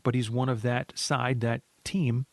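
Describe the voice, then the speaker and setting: A man co-hosting a casual movie podcast, talking in a measured, thoughtful way. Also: mid-range voice, little pitch movement, dry recording. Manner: measured, thoughtful, trails off into restarts.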